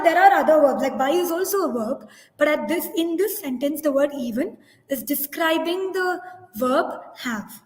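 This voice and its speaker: A woman presenting a teachers' webinar, reading out live poll results and explaining answers step by step, often correcting herself mid-sentence. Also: high voice. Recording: echoey room with long reverb.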